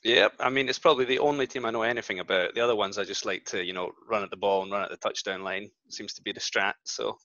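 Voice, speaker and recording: A man's voice: fairly low pitch, steady tone, fast talker, hardly any pauses, bright, forceful tone, dry recording, dull audio. A man with a Scottish accent, a guest on a podcast, talking casually with dry, self-deprecating humour and laughing as he talks.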